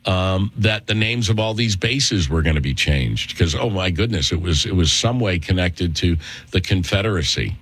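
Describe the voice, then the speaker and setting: A man's voice: fairly bright tone, no room sound. Sarcastic radio host man, dry sound. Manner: sarcastic, mocking, with sudden jumps up in pitch. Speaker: radio talk show host. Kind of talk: political talk radio commentary.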